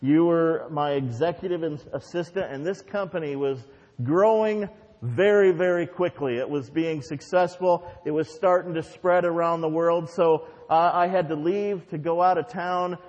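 In a church sanctuary, a male pastor leads a fervent, repetitive prayer, then preaches a sermon in a conversational, storytelling style. His voice is a little high and darkish in tone, at a moderate pace. The recording sounds dull and reverberant.

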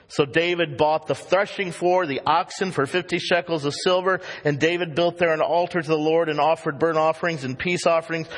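A man preaching a sermon as pastor, emphatic and animated, acting out the voices he quotes. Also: a little high. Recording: long reverb of a hall.

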